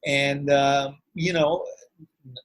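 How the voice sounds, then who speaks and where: A middle-aged man, a martial arts grand master and actor, telling stories in an animated, rambling way as an interview guest. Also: mid-range voice, slow, dry recording, poor audio. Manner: animated, rambling, swings loud and soft. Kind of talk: casual storytelling interview.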